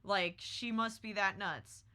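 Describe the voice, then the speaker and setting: A woman's voice: medium pitch, steady tone, slow, bright, forceful tone. A woman hosting a podcast, telling a story in casual chat with a brash, profane, dramatic manner. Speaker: podcast host.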